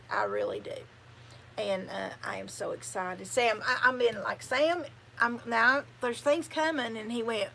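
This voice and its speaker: An older woman talks in a slow, easy drawl, wandering from thought to thought in folksy chat. Her voice sits a little high and comes across bright and lively. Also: gravelly, a little hiss or hum. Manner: rambling, chatty, folksy. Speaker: channel host. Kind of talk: casual livestream chat.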